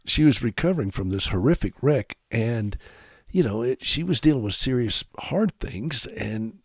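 Male radio host from South Carolina, mid-pitched voice, lively and wry, dry studio sound. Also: moderate pace, slightly rough, dry recording. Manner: animated, sarcastic humor, direct address to listeners. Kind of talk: radio talk monologue.

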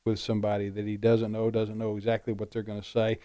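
A man giving political commentary in casual panel talk, halting and repeating words as he starts his points. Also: on the low side, completely flat delivery, dark tone.

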